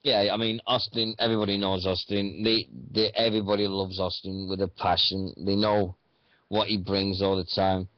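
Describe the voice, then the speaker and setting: Man, radio host, rambling casual chat, lowish voice, dry close sound. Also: level tone, moderate pace, no echo, highs cut off. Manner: rambling, hesitant with many fillers.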